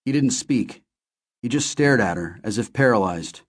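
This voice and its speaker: A man reading a first-person novel aloud in a steady, measured storytelling manner. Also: medium pitch. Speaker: audiobook narrator.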